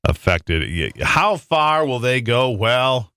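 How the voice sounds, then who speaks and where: A man's voice: mid-range voice, sing-song, takes it slowly, pushed and bright, smooth, no echo, clean studio sound. An American man hosting a talk radio show in a rambling monologue with frequent restarts. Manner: rambling, with many restarts and fillers.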